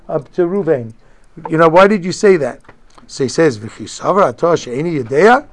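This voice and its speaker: A man's voice: fairly high pitch, expressive, fairly quick, a bit bright. A man teaching a religious text, reading Hebrew phrases and explaining each one in casual English. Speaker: Torah teacher. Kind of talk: Talmudic-style lesson, reading and translating.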